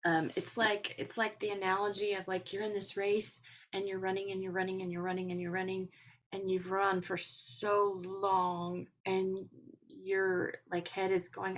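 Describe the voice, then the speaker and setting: A woman hosting a podcast, talking in a gentle, encouraging and rambling way as she comments on spiritual topics. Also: medium pitch, little pitch movement, a little slow, dull audio, a little hiss or hum. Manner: rambling, with filler words. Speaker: podcast host.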